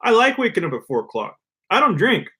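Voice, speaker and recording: A man's voice: high voice, brisk. A man co-hosting a podcast in casual chat, talking loosely and filling his sentences with "you know" and "like". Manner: relaxed, peppers speech with "you know, like". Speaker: podcast co-host.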